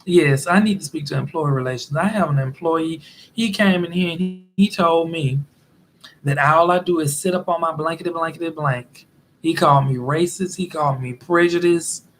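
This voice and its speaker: A man's voice: fairly high pitch, moderate pace, fairly bright tone, natural voice. A man doing a smug, falsely polite office manager. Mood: mock-polite. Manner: mock-polite, then tattling.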